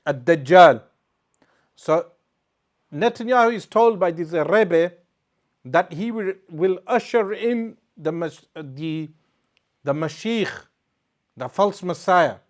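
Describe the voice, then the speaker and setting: Emphatic male scholar with a raised pitch. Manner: emphatic, recounting a story with rhetorical questions. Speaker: Islamic scholar and speaker. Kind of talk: religious lecture to a live audience.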